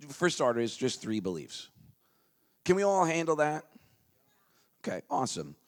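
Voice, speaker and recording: Gravelly, lively man leading a motivational seminar. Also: fairly high pitch. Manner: energetic, leads crowd chants, swings between loud calls and quiet asides.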